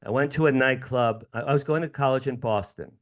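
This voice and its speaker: A man in his sixties from the United States, an interview guest telling a personal story with lively acted-out dialogue and frequent laughs. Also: mid-range voice, brisk. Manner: animated storyteller, acts out dialogue, laughs often.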